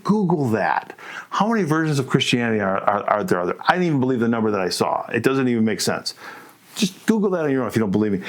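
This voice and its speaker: A middle-aged man co-hosting a podcast, talking in a casual, animated way, firing off provocative rhetorical questions and calling his listeners folks. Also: mid-range voice. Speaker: podcast co-host. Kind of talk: casual opinionated monologue.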